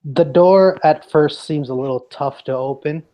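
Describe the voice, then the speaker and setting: A man's voice: fairly high pitch, moderate pace, dark tone, poor audio. A man narrating a tabletop game as game master, describing scenes with frequent restarts.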